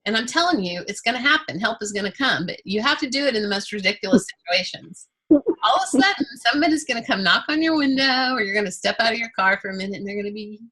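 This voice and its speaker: Woman, art class teacher, bright tone, slightly husky, candid, jokey. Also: a little high, lively intonation, quick pace. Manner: candid and joking, with playful self-talk. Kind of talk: casual, chatty class talk.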